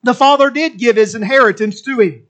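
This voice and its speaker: Middle-aged preacher man, really high voice, fired up and repeating himself. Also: brisk, a bit bright. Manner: impassioned, repetitive, rising to emphatic outbursts. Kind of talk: sermon.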